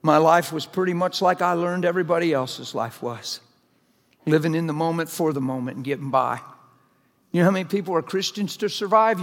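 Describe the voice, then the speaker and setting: A middle-aged male preacher delivers a sermon in a loose, conversational way, peppering the congregation with questions. His voice sits high for a man. The sound rings with a long reverb from a large hall. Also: fairly bright tone. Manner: conversational, jokey, presses the crowd with questions.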